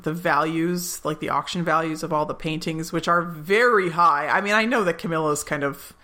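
Bright-voiced woman recapping a show. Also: low-pitched, normal speed. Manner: lively retelling with many "like" asides and laughs. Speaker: podcast co-host. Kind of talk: casual chat recapping a TV episode.

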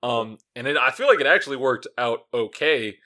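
A young man chatting loosely on a sports podcast, voice sitting at an ordinary middle pitch. He jokes constantly, drops slang and chuckles between thoughts. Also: animated, a little fast, bright, forceful tone. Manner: joking, slangy, chuckles often. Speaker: podcast co-host. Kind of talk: casual sports podcast chat.

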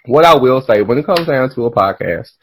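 A man hosting a podcast in casual chat, animated and profane, drifting into tangents and laughing as he talks. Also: mid-range voice, brisk, a little hiss or hum, low-quality recording. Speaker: podcast host.

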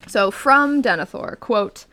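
A woman in casual conversation about a book, animated and laughing often, reading quotes aloud. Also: on the high side, slow. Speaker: book discussion co-host. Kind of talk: casual chat.

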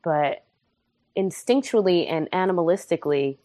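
A woman's voice: fairly low pitch, lively intonation, normal speed, warm tone, no echo. A young woman telling a candid, humorous and emotional personal story in casual podcast chat.

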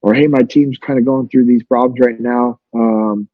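Man, thirties, relaxed storyteller, a bit husky, dull lo-fi sound. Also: medium pitch, normal speed, no room sound. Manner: laid-back, many fillers. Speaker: guest, former navy special operator. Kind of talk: casual storytelling.

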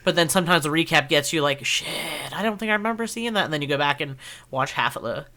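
A woman's voice: sits low, expressive, bright, forceful tone. A woman co-hosting a podcast in casual chat, a little nasal from allergies and a dry mouth, talking in a chatty, rambling way. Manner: chatty, drawn-out storytelling with many "like"s. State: dry mouth, swollen sinus. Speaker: podcast co-host.

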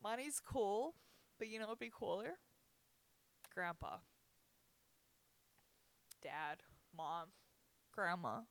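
A woman in her thirties talks openly in a candid conversation, emotional and confessional, with frequent sighs. Her voice sits a little low, and her words often trail off. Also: lively intonation, takes it slowly, gravelly, pauses often, fairly bright tone. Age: 30s.

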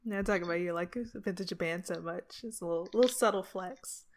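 A woman hosting a casual chat, relaxed, with frequent short affirmations and laughs. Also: on the low side, fairly quick, slight background noise. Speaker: podcast host.

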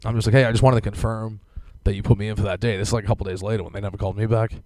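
A man's voice: lowish voice, fairly even intonation, very fast, darkish tone, no room sound. A young man on a casual podcast, ranting through a profane story with lots of fillers. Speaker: podcast co-host.

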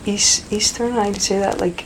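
A woman's voice: mid-range voice, steady tone, brisk, slight background noise, low-quality recording. A woman from Europe, a guest telling stories in casual chat, laughing often and rambling with fillers. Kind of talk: casual storytelling.

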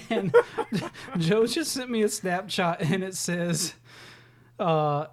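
A man's voice: high voice, animated, very slow. A man co-hosting a casual gaming podcast, telling stories with frequent laughter and swearing. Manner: laughing storyteller, swears freely. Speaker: podcast co-host.

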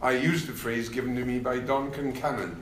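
An older man, a former party leader, telling anecdotes in an unhurried interview, with many fillers and wry laughs. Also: mid-range voice, fairly even intonation, fairly bright tone, echoey room, slight background noise. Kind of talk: reflective interview conversation.

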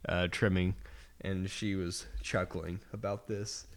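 A man's voice: low-pitched, little pitch movement, slow pace, gravelly. A man co-hosting a casual podcast, rambling enthusiastically and swearing a lot. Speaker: podcast co-host. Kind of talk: casual chat.

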